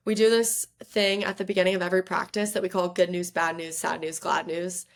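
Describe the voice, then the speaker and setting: A young woman, a podcast guest, telling a story in lively, chatty conversation and often saying "like". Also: on the low side, fairly quick. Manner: lively, chatty, fills talk with "like". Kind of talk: casual storytelling interview.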